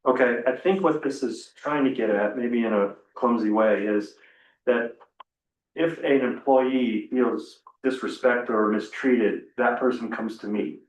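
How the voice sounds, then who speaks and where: A man serving as town administrator lays out a code of conduct for the board. He speaks in a steady, explanatory way and offers to adjust when questioned. His voice carries the echo of a large meeting room. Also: medium pitch. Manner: explanatory, measured, accommodating.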